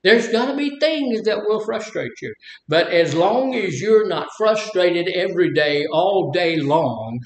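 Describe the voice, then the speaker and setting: A man's voice: high voice, lively intonation, a little slow. An older man telling stories in a rambling, folksy way while teaching about anger in a casual talk. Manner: folksy, rambling storyteller who acts out quotes. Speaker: speaker leading a talk on anger. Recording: echoey room.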